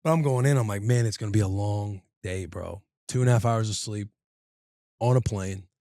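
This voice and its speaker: Energetic slangy man telling a story. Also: lowish voice, moderate pace, dry recording, studio quality. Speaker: podcast co-host. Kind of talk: casual chat.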